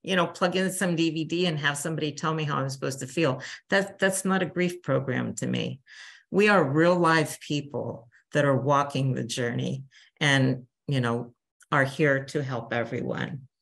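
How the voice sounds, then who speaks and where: A woman's voice: deep voice, moderate pace, gravelly. An older woman, a bereavement counselor, giving a chatty talk to a church grief group and acting out little quotes. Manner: warm, chatty teacher, acts out quotes.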